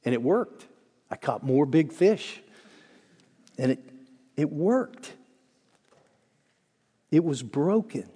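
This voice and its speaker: A man preaching a sermon in earnest, sinking to a hush on key lines and rising when he urges his listeners on. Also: a little high, expressive, slow pace, pauses often, breathy edge, long reverb tail. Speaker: pastor.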